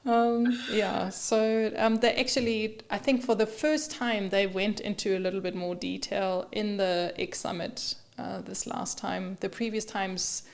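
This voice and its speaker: Gravelly-voiced woman hosting a live stream. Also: medium pitch, fairly even intonation, unhurried, hardly any pauses. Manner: chatty, many fillers, addresses viewers in chat. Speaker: co-host of a photography livestream. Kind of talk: casual live-stream chat.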